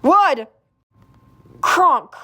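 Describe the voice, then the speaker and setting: Woman reader with a bright, high voice; unhurried graphic novel read-aloud with character voices. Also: animated. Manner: shouts sound effects and alarmed lines. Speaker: fan reader.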